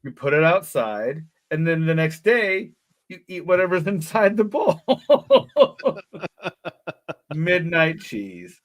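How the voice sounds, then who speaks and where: A man's voice: on the high side, expressive, slow. A middle-aged man co-hosting a live podcast, reading an adventure gamebook aloud with frequent jokes and laughter. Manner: jokey, laughs often, ad-libs. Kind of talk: comedic live read-along.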